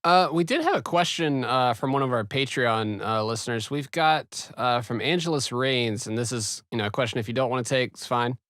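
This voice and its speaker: A man hosting a casual podcast, laid-back and quick to laugh, with filler "uh"s as he reads out a listener question. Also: mid-range voice, a bit bright, dry recording, studio quality. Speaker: podcast host.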